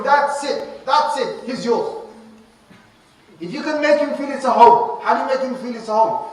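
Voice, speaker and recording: A man preaching to youth in a mosque, animated and repetitive, speaking straight to the crowd. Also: very high voice. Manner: animated, repetitive, addresses the audience directly. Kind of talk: live mosque talk. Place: mosque prayer hall, indoors. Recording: echoey hall, distant mic, faint hiss.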